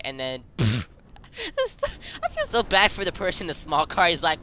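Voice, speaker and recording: A gameplay commentator, giggly and excitable, breaking into high yelps. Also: unhurried.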